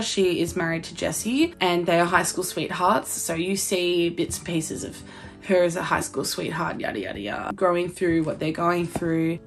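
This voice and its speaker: A young Australian woman chatting excitedly about her favourite books, gushing and swearing casually. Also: lowish voice. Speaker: book vlogger. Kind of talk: casual chat.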